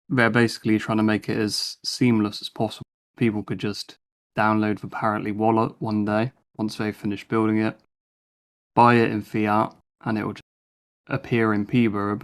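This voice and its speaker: A chatty man with a fairly low voice and a very even, flat delivery. He talks through ideas loosely in a casual podcast chat, often ending points with little tag questions. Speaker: panelist.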